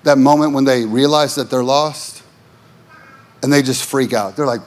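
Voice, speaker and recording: Preaching with lively intonation at a slightly quick pace, this pastor repeats his phrases rhythmically. He moves from passionate peaks to abrupt, hushed low points for emphasis.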